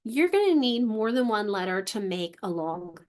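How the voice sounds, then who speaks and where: A woman's voice: mid-range voice, sing-song, moderate pace, darkish tone. A woman leading an online literacy training for teachers, talking conversationally with frequent restarts and sounding out vowels to demonstrate them, over a computer microphone.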